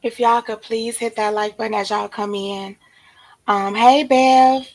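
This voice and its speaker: A hoarse woman, chatting casually on a livestream and greeting viewers by name in a drawn-out, relaxed way. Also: a little high, poor audio. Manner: relaxed, drawn-out shout-outs to commenters. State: hoarse, losing her voice. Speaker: livestream host. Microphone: streaming setup.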